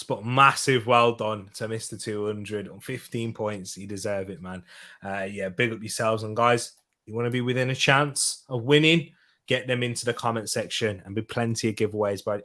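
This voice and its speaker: A man's voice: lowish voice, pushed and bright. A man from the UK hosting a casual football preview show, chatting through predictions and reading out viewers' picks. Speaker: football podcast host.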